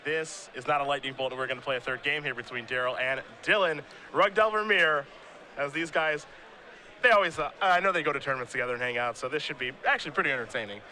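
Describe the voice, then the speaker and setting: Bright-toned male play-by-play caller. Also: mid-range voice, quick pace. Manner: relaxed, conversational calling of the action. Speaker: play-by-play commentator. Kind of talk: live game play-by-play.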